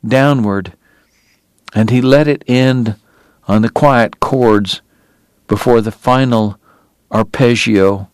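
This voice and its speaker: A man narrates an audiobook in a lyrical, dramatic way, letting the phrases swell with intensity. He reads slowly and deliberately at a mid pitch, and the studio sound is dry and close. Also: darkish tone, no room sound.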